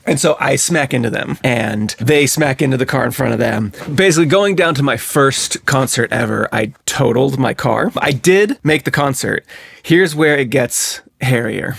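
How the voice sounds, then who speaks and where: Gravelly-voiced man telling a story. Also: medium pitch, animated, normal speed, a bit bright. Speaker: podcast co-host. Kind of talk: casual storytelling chat.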